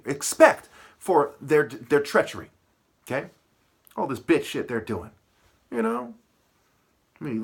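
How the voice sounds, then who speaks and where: A man's voice: fairly high pitch, a bit bright. A man delivering a profane, aggressive, rambling monologue full of rhetorical questions. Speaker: vlogger.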